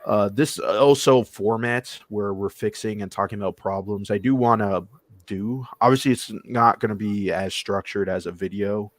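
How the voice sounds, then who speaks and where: A man's voice: on the low side, moderate pace, no echo. A man hosting a casual chat, laid-back and hesitant, wrapping up with plenty of fillers. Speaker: host.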